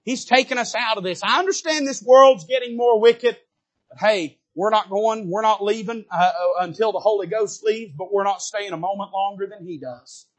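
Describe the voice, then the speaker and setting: Fervent husky high-voiced preacher. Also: male voice, normal speed, hardly any pauses. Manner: fervent, rising to emphatic peaks with folksy asides. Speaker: pastor. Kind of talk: sermon.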